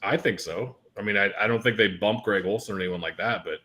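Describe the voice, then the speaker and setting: A man's voice: fairly low pitch, fast talker, sharp tone. A man co-hosting a casual sports podcast, blunt and crude, swearing freely. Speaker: podcast co-host.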